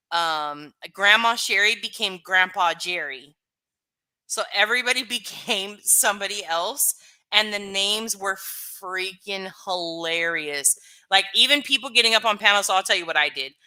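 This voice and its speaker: A woman's voice: mid-range voice, normal speed, sharp tone, clear, resonant tone. A woman live streamer chatting casually with her viewers, rambling and full of fillers.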